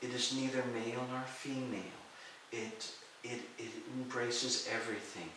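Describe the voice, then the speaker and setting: A middle-aged man telling lively stories in an interview, acting out the voices of people he quotes and laughing often. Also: mid-range voice, moderate pace. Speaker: interview guest, martial arts and healing teacher. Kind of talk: storytelling in a conversational interview. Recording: echoey room, far from the mic, faint hiss.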